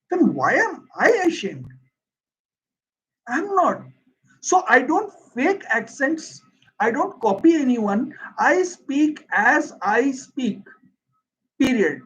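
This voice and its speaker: This Indian-accented English teacher, who speaks Hindi, responds to questions from his livestream audience with earnest emphasis. The low-quality recording captures an extremely high, fairly bright voice.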